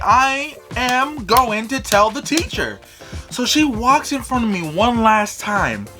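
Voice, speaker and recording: Young man, storytime vlog, animated profane storytelling, very lively pitch, faint background music. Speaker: vlogger.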